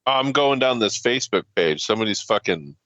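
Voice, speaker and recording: A man's voice: fairly low pitch, animated, brisk, sharp tone, dry recording, highs cut off. A man co-hosting a podcast in casual chat, teasing crudely and swearing often. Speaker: podcast co-host.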